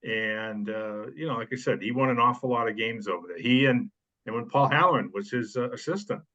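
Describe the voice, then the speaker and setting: A man's voice: medium pitch, brisk, a bit bright. A man, a sports writer, reminisces at length in casual podcast chat, full of fillers and asides. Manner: rambling storytelling with many fillers. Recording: dull lo-fi sound.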